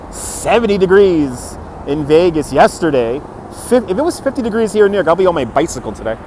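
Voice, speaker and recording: A man with a slightly high voice hosts a live walking stream on a city waterfront street. He is upbeat, chuckles often and greets viewers one by one. It is recorded on a handheld phone, with faint traffic behind him. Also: very animated, a little slow, a little mellow. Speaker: livestream host. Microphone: phone on a handheld gimbal.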